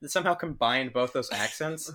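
A man's voice: medium pitch, fairly quick, pushed and bright. A young man hosting a podcast, joking and rambling casually with his friends. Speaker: podcast host. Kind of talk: casual chat.

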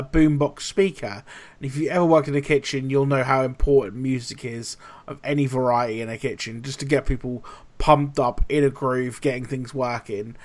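A man co-hosting a casual podcast, telling animated, sweary stories. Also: mid-range voice. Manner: animated storytelling, heavy swearing. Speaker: podcast co-host. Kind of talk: casual chat.

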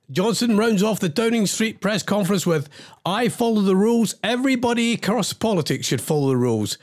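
A man's voice: high voice, animated, moderate pace, a little mellow. A middle-aged man hosts a radio show, and he rants and rambles in exasperation with wry asides. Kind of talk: ranting radio chat.

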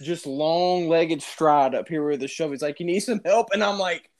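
Animated man telling a story. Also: on the high side, moderate pace. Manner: animated, laughs while telling story, says dude. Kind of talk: casual chat.

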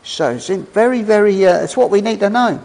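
A gravelly, high-sitting male voice preaches a fervent sermon, heard through a long reverb tail on a rough recording. Animated and eager, he questions the congregation and reads scripture aloud with pauses.

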